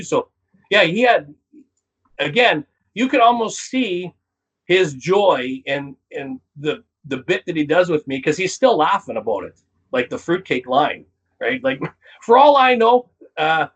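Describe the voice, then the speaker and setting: Man, from canada, comedian guest, animated storyteller, breathy voice, higher pitch. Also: moderate pace, muffled recording. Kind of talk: casual storytelling interview.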